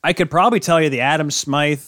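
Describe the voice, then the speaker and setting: A man's voice: fairly high pitch, quick pace, a bit bright, dry recording, studio quality. A man hosting a sports podcast, talking casually on his own in a rambling, joking way and correcting himself as he goes. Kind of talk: casual solo sports talk.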